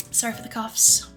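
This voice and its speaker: A woman's voice: on the high side, vocal fry, pushed and bright. A young woman streamer in casual livestream chat, rambling, laughing often and swearing casually.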